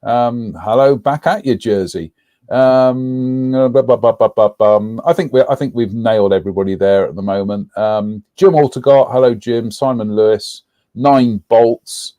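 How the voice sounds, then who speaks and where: A man's voice: mid-range voice, normal speed, mellow, no echo. Dry-sounding man, chatty live-stream host. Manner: rambling, frequent ums, reading out viewer names. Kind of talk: casual live-stream chat.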